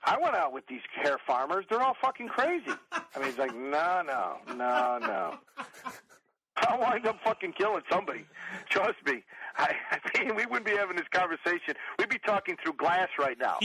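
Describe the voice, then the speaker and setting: A man's voice: high-pitched, big pitch swings, brisk, sharp tone, a little hiss or hum, poor audio. Profane, rambling man. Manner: profane, rambling, comic rants. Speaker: podcast guest. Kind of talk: profane storytelling chat.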